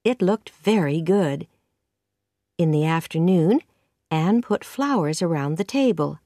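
Slow, careful woman storybook narrator. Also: sits low, expressive, dark tone, dry recording, clean studio sound. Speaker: audiobook narrator. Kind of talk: scripted narration of a simple reader.

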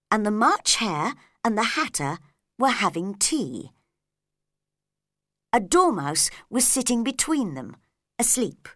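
A woman narrating a storybook in a slow, clear and expressive way. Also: mid-range voice, dry recording, studio quality.

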